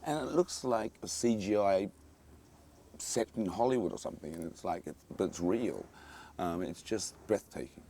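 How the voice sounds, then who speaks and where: Low-voiced man, halting and enthusiastic. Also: dark tone, a little hiss or hum. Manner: halting, with many repeated starts and fillers. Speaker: film director interviewed on set. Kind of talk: casual on-set interview. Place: film location in a tropical cave.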